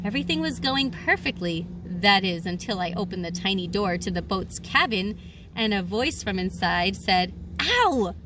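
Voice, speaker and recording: A woman reading a children's adventure novel aloud in first-person narration, lively and expressive. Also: medium pitch, normal speed, background noise. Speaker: audiobook reader.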